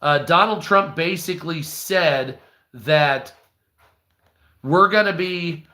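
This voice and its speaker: A man's voice: on the high side, slow, sharp tone. A man from the United States giving heated, profane, rambling commentary on a live news stream.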